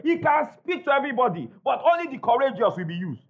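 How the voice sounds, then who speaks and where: A man's voice: very high voice, very animated, fast, muffled recording. A man preaching a sermon to a congregation, emphatic, repeating key lines and calling for responses. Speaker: pastor. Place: church hall before a congregation.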